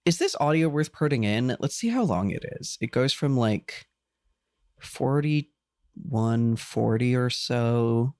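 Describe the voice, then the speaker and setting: A podcast co-host recapping a TV episode in casual chat, animated, swearing freely and laughing often. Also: medium pitch, slow, no room sound, clean studio sound.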